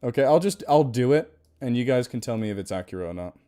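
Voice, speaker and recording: Relaxed man chatting on a live stream. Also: mid-range voice, quick pace. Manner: self-deprecating, laughing. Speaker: streamer reading stories. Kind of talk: casual live-stream chat.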